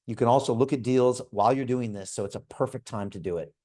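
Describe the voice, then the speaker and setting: A man in his fifties hosts a live video call. He pitches hard and persuasively, with an energetic, storytelling manner. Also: quick pace. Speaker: host.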